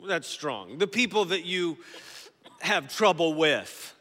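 A man preaching a sermon in a church, moving between quiet, slow passages and loud, emphatic declarations. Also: on the high side, very animated. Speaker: pastor. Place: church sanctuary. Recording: long hall reverb.

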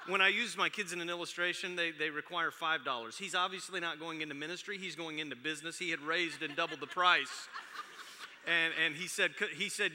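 A man's voice: fairly high pitch, a little fast, bright, forceful tone, slight background noise. A man in his forties preaching a sermon, telling chatty, self-deprecating stories about his family. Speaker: pastor. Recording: long reverb of a large hall.

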